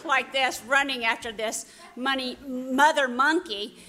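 A mother telling a lively, laughing story to a church congregation. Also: high voice, a little slow.

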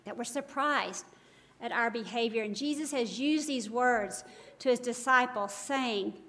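A woman's voice: on the high side, a little slow, fairly bright tone. A woman giving a devotional Bible teaching, earnest and emphatic, full of rhetorical questions.

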